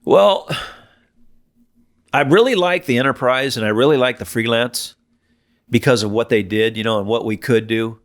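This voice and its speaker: Older fishing captain guy, mid pitch, laid back, just remembering old times. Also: normal speed, long pauses. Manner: plain, easygoing recollection with fillers. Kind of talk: casual interview chat.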